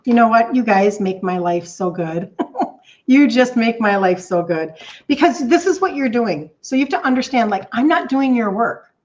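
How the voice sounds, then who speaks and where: A woman in her fifties, a health coach chatting warmly and excitedly with viewers on a live stream, reading out their comments. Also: a little high, moderate pace. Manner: bubbly, gushing, reads out viewer comments. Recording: slightly dull lo-fi stream audio.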